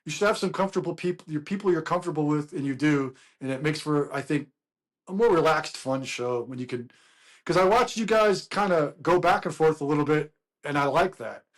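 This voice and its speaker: Casting: middle-aged man, bar-talk guest, high voice, rambling storyteller. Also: a little fast. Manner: rambling, laughing, quotes others in animated voices. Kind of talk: casual storytelling chat.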